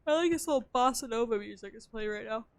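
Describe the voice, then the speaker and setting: A woman's voice: on the high side, fast, smooth, dry recording. A young woman streaming a game, chatting casually to her viewers and muttering counts and item names as she plays. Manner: chatty, muttering counts and items while playing. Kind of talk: casual gameplay streaming chat.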